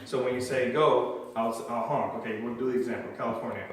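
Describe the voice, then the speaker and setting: Chatty comedian in a very echoey room. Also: male voice, medium pitch, steady tone, fast talker, far from the mic. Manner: chatty, self-deprecating, laughs at own jokes. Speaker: stand-up comedian. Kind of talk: stand-up comedy set. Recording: very echoey room from afar, faint noise.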